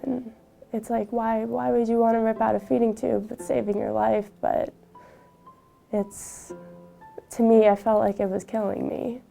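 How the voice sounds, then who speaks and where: A young woman, a university student, telling her personal story in an interview, halting, with frequent fillers and restarts. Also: medium pitch, gravelly, dark tone.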